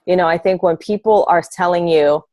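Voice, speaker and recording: A woman's voice: on the low side, fairly quick, no echo, dull audio. A woman coach on a team call, talking casually and emphatically with lots of fillers. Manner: emphatic, filler-heavy, passionate.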